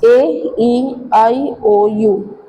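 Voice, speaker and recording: A woman with an Indian English accent teaching French in a school classroom, and she talks slowly, spelling out letters and sounding out words one at a time. Her voice is fairly high yet mellow. Faint noise sits under the recording. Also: poor audio. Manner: slow, step-by-step explaining, repeating sounds and letters.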